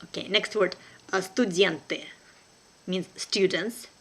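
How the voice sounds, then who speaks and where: A woman with a Russian accent, a native Russian speaker, teaching a language lesson online in a careful, deliberate way with frequent hesitations. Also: lowish voice, steady tone.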